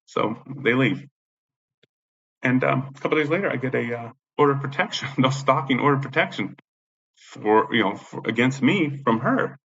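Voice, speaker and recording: A man's voice: mid-range voice, animated, normal speed, fairly bright tone, husky. A man who is a disabled veteran telling a long personal story in a rambling, profane way, often repeating himself, in a dull lo-fi recording. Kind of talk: casual spoken storytelling. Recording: dull lo-fi recording with faint background noise.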